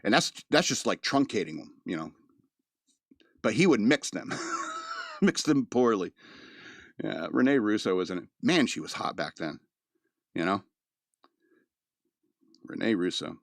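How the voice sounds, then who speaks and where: A man's voice: on the low side, very animated, a little slow, creaky, long pauses, no echo, studio quality. A man giving a casual, rambling movie review. He laughs often and acts out the characters' lines.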